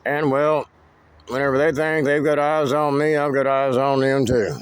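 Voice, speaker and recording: A man's voice: mid-range voice, steady tone, normal speed, smooth, dry recording. A man giving a rambling, cryptic walking tour of his wooded land outdoors, swearing freely. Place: outdoors in woods.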